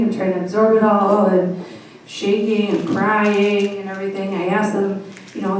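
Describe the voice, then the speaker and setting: A woman in her thirties with a Midwestern American accent tells a true story onstage, wry and self-mocking about her own bad luck. Her voice sits at an ordinary pitch. It reaches the mic from a distance and rings around a very echoey room with a faint hum of the crowd behind. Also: fairly even intonation, normal speed, darkish tone. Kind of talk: live storytelling set. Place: small comedy venue.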